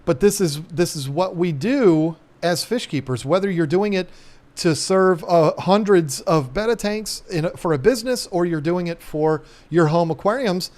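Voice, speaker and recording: A man's voice: sits high, animated, moderate pace, darkish tone. Folksy man chatting on a live stream. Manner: rambling, folksy, lots of ums. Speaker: aquarium channel host. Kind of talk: casual live-stream chat.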